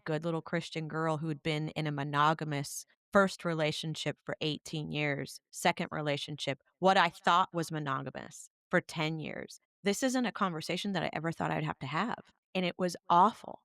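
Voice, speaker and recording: A woman's voice: sits low, moderate pace, fairly bright tone, smooth, no echo, studio quality. A woman co-hosting a podcast, frank about personal matters and laughing often. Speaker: podcast co-host. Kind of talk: casual podcast chat.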